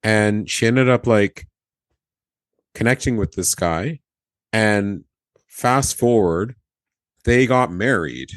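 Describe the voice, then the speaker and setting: Deep-voiced man telling a lively story. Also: slow, long pauses, dry recording. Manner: animated, acts out quoted dialogue, laughs often. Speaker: podcast host, former flight attendant. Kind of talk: casual storytelling chat.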